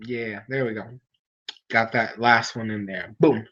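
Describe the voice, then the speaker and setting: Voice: mid-range voice, fairly bright tone. Rambling sleepy streamer, lo-fi sound. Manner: rambling and chatty, with frequent restarts. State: sleepy, yawning. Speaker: streamer chatting with viewers. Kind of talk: casual late-night stream chat.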